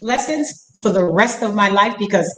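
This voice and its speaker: A woman's voice: medium pitch, animated, moderate pace, a bit bright, a little hiss or hum. A woman in her fifties hosting a casual conversation, telling stories animatedly and acting out the dialogue. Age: 50s. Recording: echoey room.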